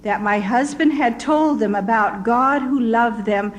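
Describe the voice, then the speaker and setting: A woman's voice: fairly high pitch, measured pace, slight background noise, poor audio. An older woman, a missionary, telling her story in an earnest, vivid way. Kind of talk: storytelling testimony.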